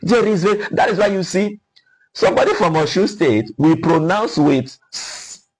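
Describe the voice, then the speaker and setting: A man's voice: high voice, expressive, normal speed, breathy edge, rough recording. A middle-aged Nigerian man with a Nigerian accent, a guest explaining things in a lecturing way and sounding out example words. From Nigeria (Ukwuani, Delta). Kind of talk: explaining conversation.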